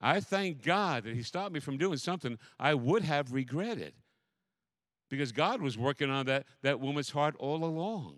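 Animated preaching pastor, dry close sound. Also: male voice, a little high, moderate pace, no room sound. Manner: animated storytelling, repeats phrases, preaching cadence. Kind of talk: sermon. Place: church.

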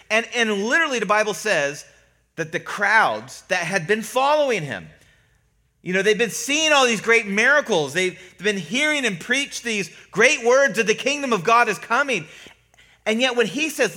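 A man's voice: high voice, normal speed. A man preaching a sermon as a pastor, telling Bible stories in a conversational, humorous way and acting out the voices of the figures. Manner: animated storytelling, acting out voices of biblical figures.

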